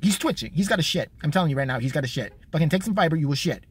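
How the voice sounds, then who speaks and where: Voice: mid-range voice, expressive, husky. A vlogger delivering a crude, mocking, profane comedic rant. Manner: crude, mocking, fast-talking.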